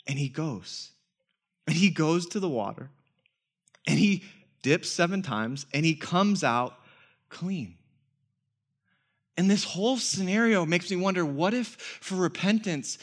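A man preaching a sermon as pastor, animated, with frequent rhetorical questions and scripture read aloud in character. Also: on the high side.

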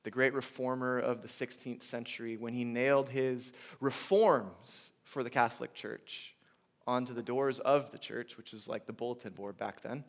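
Male pastor, thirties, dynamic sermon delivery, hushed lows and driving highs, mid-range voice. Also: steady tone, normal speed. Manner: dynamic preaching, swinging from hushed to loud.

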